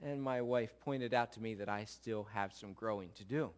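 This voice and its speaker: In a church sanctuary, a middle-aged pastor with a lowish voice delivers a sermon at a moderate pace. He keeps it conversational, cracks jokes and checks in with his congregation.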